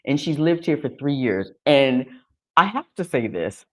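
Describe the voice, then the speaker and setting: An American woman from Texas hosting a casual live stream. She talks in an animated way, with many restarts and fillers. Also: very deep voice, measured pace. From Texas, United States. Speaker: host.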